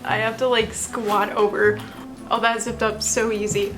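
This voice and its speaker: A young woman vlogging casually in her bedroom, gushing and excitable as she unboxes and tries on shoes. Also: mid-range voice, unhurried, music in the background, rough recording.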